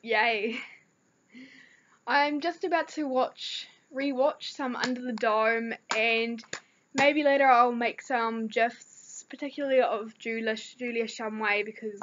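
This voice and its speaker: A woman's voice: a little high, steady tone, slow, fairly bright tone, slight background noise. Chatty teen girl with a New Zealand accent. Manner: rambling, chatty storytelling with fillers. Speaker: vlogger. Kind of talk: casual chat. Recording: dull lo-fi recording.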